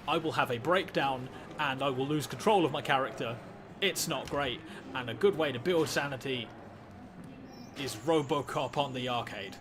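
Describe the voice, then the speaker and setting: A man's voice: mid-range voice, background noise. A man hosting a gaming video, giving dry, wry let's play commentary and often stammering and restarting his sentences.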